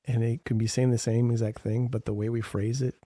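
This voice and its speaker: A man co-hosting a casual podcast as a life coach, telling coaching stories full of lively quoted dialogue. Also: mid-range voice, fairly quick, dry recording.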